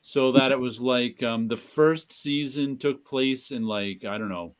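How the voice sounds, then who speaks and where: A man in casual podcast chat, lively and quick to laugh. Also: mid-range voice, crowd noise. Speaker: podcast panelist.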